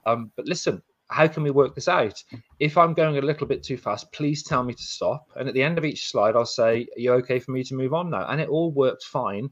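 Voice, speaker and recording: A man's voice: medium pitch, brisk, no echo. Man, dull dry lo-fi sound. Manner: earnest, practical, restarts often. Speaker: podcast co-host. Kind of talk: casual advice podcast chat.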